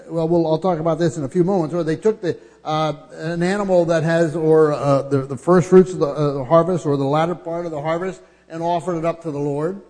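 A man delivers a sermon in a fairly high but mellow voice, pausing often and restarting his phrases, then building toward emphatic passages. His words ring out with a long reverb, as in a church sanctuary. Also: fairly even intonation. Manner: halting, many fillers and restarts, grows emphatic. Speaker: preacher.

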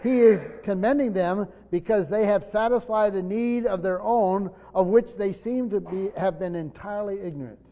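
A man's voice: high voice, normal speed, hardly any pauses. A man pastor teaching through a Bible passage verse by verse, often restarting his sentences and stressing key points, recorded in a church hall. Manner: stumbling restarts, emphatic rises on key points. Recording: dull sound, long hall reverb.

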